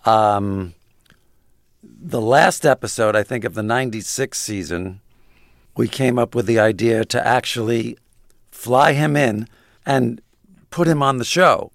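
A man's voice: mid-range voice, measured pace, pauses often, no room sound, clean studio sound. A man being interviewed, telling anecdotes with chuckles and hesitant fillers. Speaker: guest. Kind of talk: interview storytelling.

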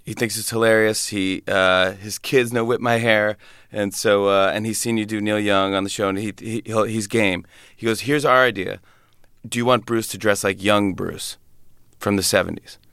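A middle-aged man telling an animated story as an interview guest, acting out the people he quotes. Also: lowish voice, normal speed, smooth, no room sound, clean studio sound. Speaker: talk show host interviewed as guest.

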